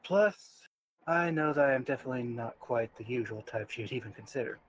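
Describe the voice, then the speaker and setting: A man voicing a gentle, earnest old male spider in a tabletop game, with a soft-spoken manner. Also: medium pitch, a little fast, slightly rough, no echo, natural voice, rough recording.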